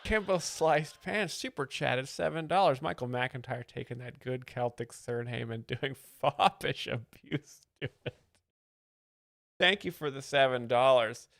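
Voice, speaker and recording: A man on a live stream explains comedy in a deadpan, faux-expert tone, reading out viewer donations between clips. His voice has a gravelly edge. The sound is dry and close, with no room around it. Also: medium pitch, unhurried, no echo. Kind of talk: deadpan mock-expert commentary.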